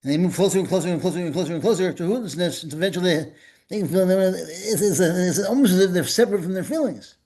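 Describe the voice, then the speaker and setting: A man's voice: high voice, quick pace, dark tone, slightly rough. Rambling, folksy male preacher. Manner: rambling, repeats words, folksy and joking. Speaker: minister leading a spiritual gathering. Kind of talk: informal spoken sermon.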